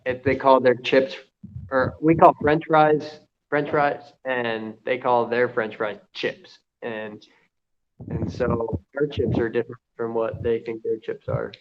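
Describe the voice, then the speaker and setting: A man's voice: medium pitch, fairly even intonation, takes it slowly. Rambling guy on a muffled call. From United States. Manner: rambling, many fillers and restarts. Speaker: conversation partner. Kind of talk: casual video call chat. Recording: muffled video call audio, faint hiss.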